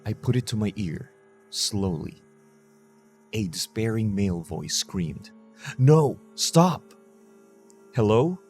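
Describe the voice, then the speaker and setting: A man with a lowish voice reads a horror story aloud in a calm, measured way. It is scripted narration, steady and deliberate. Faint music plays underneath. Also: breathy edge.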